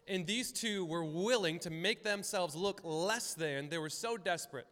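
A man's voice: sits high, normal speed, fairly bright tone. A man preaching a casual, conversational sermon as a pastor, often acting out the voices in his stories. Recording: long hall reverb.

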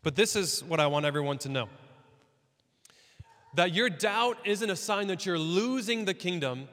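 A man preaching a sermon in a church, talking in a conversational, animated way. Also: high-pitched, normal speed, long reverb tail. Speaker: pastor.

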